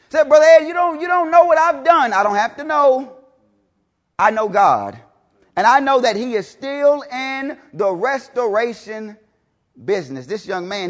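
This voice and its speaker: This is a man preaching to a congregation, emphatic and full of repetition. He shifts between loud declarations and low, intense passages and uses rhetorical questions.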